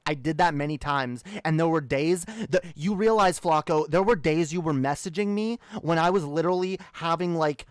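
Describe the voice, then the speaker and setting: A man's voice: a little high, moderate pace, hardly any pauses, smooth, dry recording. A man streaming, ranting heatedly and swearing a lot. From Canada. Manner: heated, profane, repetitive. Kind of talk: ranting livestream talk.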